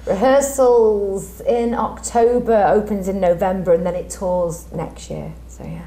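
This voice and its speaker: A woman, an actress, answering questions on a chat show in a warm, rambling way with many restarts. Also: mid-range voice, fairly even intonation, a little slow. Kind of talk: casual interview chat.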